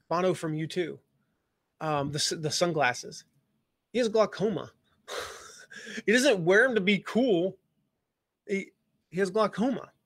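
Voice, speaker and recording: A man's voice: on the high side, fairly bright tone, no room sound, studio quality. Chatty man teaching on a live stream. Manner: chatty, many fillers and restarts. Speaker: marketing coach. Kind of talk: live-streamed lesson, casual talk.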